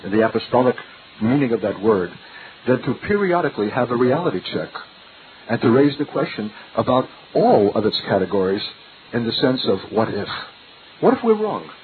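A man's voice: medium pitch, very animated, brisk. An older man delivers a sermon, earnest and searching, pressing rhetorical questions on his listeners. His voice sits in a middle register and comes through a tinny, phone-like recording. A faint hiss runs underneath. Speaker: preacher.

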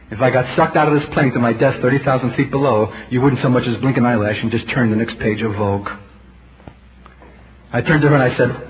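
A middle-aged man preaching a sermon, emphatic and intense, dropping to a hush and rising again, with rhetorical questions to the congregation. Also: mid-range voice. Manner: intense, emphatic, swings between loud and hushed. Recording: tinny lo-fi tape with faint hiss.

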